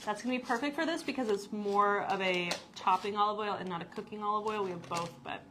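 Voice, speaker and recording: A woman's voice: medium pitch, fast talker, a bit bright, a little hiss or hum. A woman from Nebraska in casual chat, presenting products in her store and laughing often. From Nebraska, USA.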